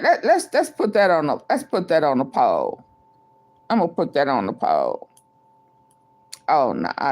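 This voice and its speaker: A deep, darkish female voice belongs to a livestream vlogger. She keeps up casual, chatty commentary for her live viewers, saying the same things over and over.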